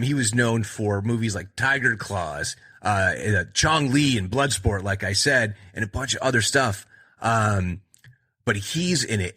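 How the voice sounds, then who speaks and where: A man's voice: on the low side, pushed and bright, breathy edge. A man hosting a podcast, retelling a movie in a loose, rambling way with lots of fillers and restarts. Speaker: podcast host.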